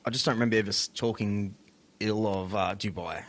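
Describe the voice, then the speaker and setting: A male podcast host in a casual chat. He stumbles and restarts his questions, then breaks in with quick jokes. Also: on the low side, steady tone.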